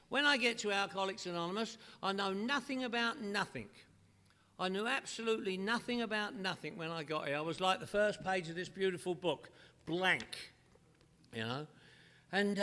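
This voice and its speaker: In a meeting hall with echoey reverb, a middle-aged AA speaker from northwest London tells his recovery story with humour and comic repetition. He has a London accent and a high-pitched, sharp-toned voice.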